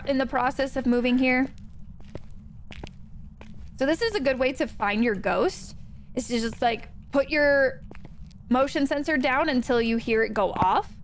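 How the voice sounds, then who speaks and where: A woman's voice: sits high, normal speed, pauses often, a little hiss or hum. A woman streaming a ghost-hunting game, chatting playfully with her viewers. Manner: chatty, thanks chat, playful slang. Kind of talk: chatty gameplay livestream.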